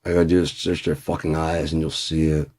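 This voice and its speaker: A man's voice: a bass voice, flat delivery, quick pace, background noise. A man in a blunt, profane ranting monologue for his vlog. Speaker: vlogger.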